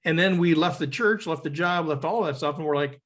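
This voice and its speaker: A man's voice: fairly high pitch, a little fast, fairly bright tone. A middle-aged man, talking earnestly and reflectively as a podcast guest, often tagging his sentences with "right?". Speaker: podcast guest, leadership coach. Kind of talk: conversational interview.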